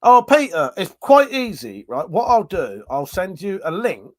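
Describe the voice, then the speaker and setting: A man's voice: high voice, huge pitch swings, measured pace. A man hosting a livestream, casually chatting, reading viewer comments and laughing often through crude banter. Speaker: livestream host.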